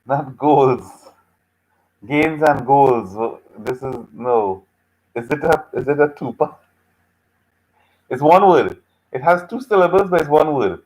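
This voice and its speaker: A man's voice: mid-range voice, slow pace, pauses often, darkish tone, rough recording. A man teaching a live online class, reacting to students' chat answers in a patient, teasing way and repeating his phrases several times. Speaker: lecturer.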